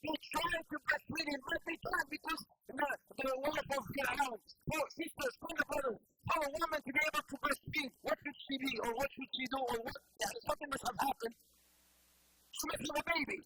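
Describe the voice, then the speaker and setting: Role: religious teacher. Style: animated storytelling lesson. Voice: high and quick. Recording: live stream with loud background noise. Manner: lively storyteller who acts out scenes and recites scripture passages. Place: Islamic centre hall.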